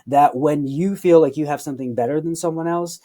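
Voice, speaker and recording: A man's voice: a little high, a little fast, mellow. A man, a psychologist guest on a podcast, explaining his views in a thoughtful, reflective way. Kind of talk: conversational interview.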